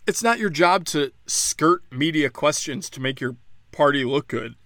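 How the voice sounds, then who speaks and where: A man's voice: on the high side, expressive, unhurried, a bit bright, no room sound. A man from Pennsylvania delivering a solo political rant, profane and mocking, firing off sarcastic rhetorical questions.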